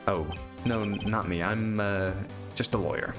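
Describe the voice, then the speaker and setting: A man's voice: fairly low pitch, fairly even intonation, moderate pace, hardly any pauses. A man reading a story game aloud in casual let's-play style, hesitant, with wry asides. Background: video game music.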